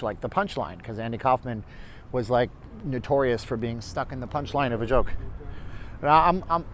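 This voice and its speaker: A man's voice: medium pitch, animated, normal speed, slight background noise. A man hosting a casual walking livestream outdoors, rambling and chatting with his viewers. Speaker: livestream host. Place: outdoors on a city street, walking.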